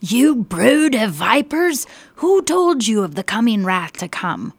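A woman voicing a fiery male desert prophet who proclaims loudly at crowds. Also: fairly low pitch, a little slow, vocal fry, no room sound. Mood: fierce. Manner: loud, forceful proclaiming. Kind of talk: acted Bible story quotes.

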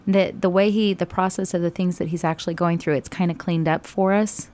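A woman teaching a Bible study, retelling scripture in conversation with sudden animated bursts. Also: fairly low pitch, moderate pace, hardly any pauses.

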